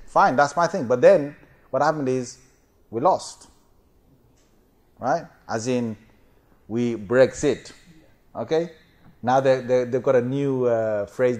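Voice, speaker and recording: A man preaching a sermon as a lively story. He often laughs, swings his voice up and down, and keeps checking with his listeners. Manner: animated, laughing often, big swings in pitch and loudness; chatty, asks the audience for agreement.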